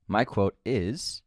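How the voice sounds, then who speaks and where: A man's voice: fairly low pitch, no room sound, clean studio sound. Easygoing man co-hosting a podcast. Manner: easygoing, exclaims when surprised. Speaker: podcast co-host. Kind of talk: casual chat.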